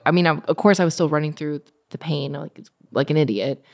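A woman's voice: sits low, a little fast, hardly any pauses. A young adult woman telling her story as a guest in casual conversation, chatty, with lots of fillers. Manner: chatty, many fillers, acts out quoted speech.

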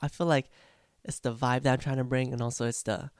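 A man's voice: mid-range voice, fairly even intonation, fairly quick, clean tone, no echo, studio quality. A young man talking casually about practicing his song, rambling and reflective, with lots of fillers and restarts. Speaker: vlogger recording his own song. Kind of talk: casual vlog talk.

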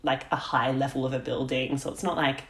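A young woman with a very low voice tells an animated story in casual podcast chat. The room around her is roomy and echoey, and she swears casually as she goes. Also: a little fast. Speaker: podcast co-host, pole dance teacher. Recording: roomy echo.

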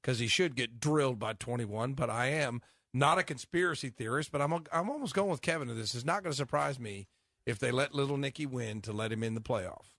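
A man's voice: medium pitch, a little fast, a bit bright, no echo. Male co-host, blunt and ribbing, dry close mic. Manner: teasing, blunt opinions. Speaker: sports show co-host. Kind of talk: casual radio sports chat.

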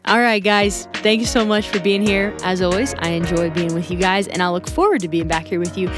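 A woman's voice: medium pitch, fairly quick, music in the background. Upbeat woman hosting a sports podcast. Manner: chatty, upbeat, lively ups and downs. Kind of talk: casual solo sports roundup. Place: recording studio.

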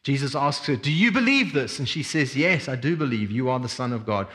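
A man preaching a sermon as a pastor, reading scripture and expounding it with expressive emphasis. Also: medium pitch, brisk, few pauses. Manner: expressive preaching, swings between quiet reflection and emphatic energy.

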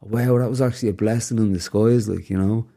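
A man's voice: on the low side, fairly even intonation, a little fast, dark tone. A man hosting a casual podcast, reflective and fond of telling stories. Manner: storytelling, upbeat and reflective. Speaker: podcast host.

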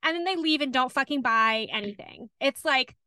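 A woman's voice: high-pitched, expressive, moderate pace, pushed and bright, dry recording, studio quality. A young adult woman co-hosting a podcast in casual chat, reacting indignantly and swearing freely. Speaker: podcast co-host.

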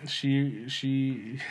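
A man's voice: medium pitch, fairly even intonation, drawn-out words, slightly rough. A young man telling a rambling story in casual chat, swearing and full of slang.

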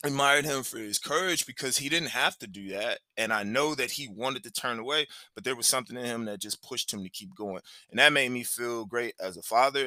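A man's voice: medium pitch, pushed and bright, no echo. A man hosting a podcast, telling a personal story in a loose, conversational way, filled with "like" and "you know.". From Cleveland, Ohio, USA. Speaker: podcast host.

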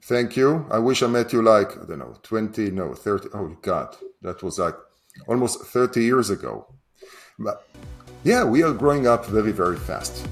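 A man's voice: fairly low pitch, sing-song, normal speed, faint music behind. A man in his forties with an Israeli accent, a podcast host chatting in a loose, self-deprecating way. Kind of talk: casual interview chat.

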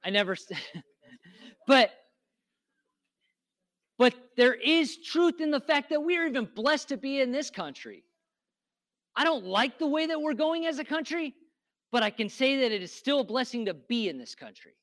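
Man, pastor, high-pitched voice, casual sermon, emphatic repetition, rhetorical questions. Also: big pitch swings, normal speed, pauses often, a bit bright. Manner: emphatic, repeats phrases for stress; conversational with asides and rhetorical questions.

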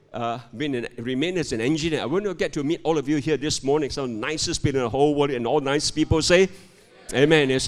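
An older man preaching a sermon in a church, reading scripture and telling a joke while calling for amens. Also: mid-range voice. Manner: calls for amens, animated storytelling. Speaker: guest preacher. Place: church sanctuary. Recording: long hall reverb.

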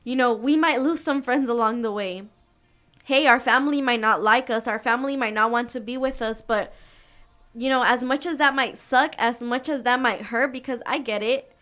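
A woman's voice: on the high side, normal speed, fairly bright tone. A woman talking casually and earnestly about faith, with many fillers. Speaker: co-host of a faith talk.

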